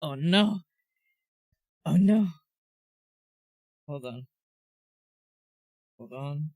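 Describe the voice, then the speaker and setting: A man's voice: on the high side, lively intonation, very slow, a little mellow, dry recording, clean studio sound. A man hosting a casual gaming chat who chimes in briefly and laughs easily.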